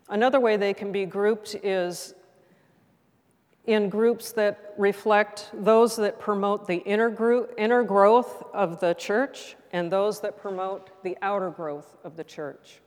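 A middle-aged woman pastor preaching gently and reflectively, with a mid-range voice. Her words trail off into the long reverb of a church sanctuary. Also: medium pitch. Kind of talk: sermon.

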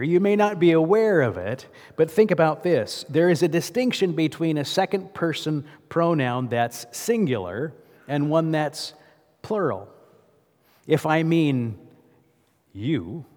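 A man's voice: fairly high pitch, darkish tone. A male pastor preaching a sermon in a church, in a conversational way that asks the congregation questions. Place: church sanctuary. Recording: long hall reverb.

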